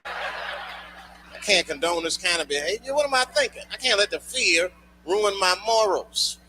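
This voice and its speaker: A man performing a stand-up routine, telling a loose, profane story and shouting his punchlines. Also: sits high, expressive, a little slow, over music. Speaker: stand-up comedian. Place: comedy club stage before a live audience. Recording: noisy live club recording.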